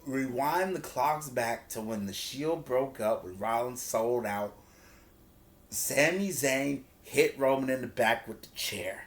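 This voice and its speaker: Dude recapping wrestling on his channel, animated and slangy, acts out the lines, normal guy pitch. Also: takes it slowly. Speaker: wrestling reviewer. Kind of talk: casual review recap.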